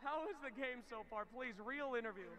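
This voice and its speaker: A man roaming through an arena crowd, interviewing fans with shouting, playful hype. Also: extremely high pitch, fairly quick, very noisy. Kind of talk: live event crowd interviews. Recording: loud crowd behind.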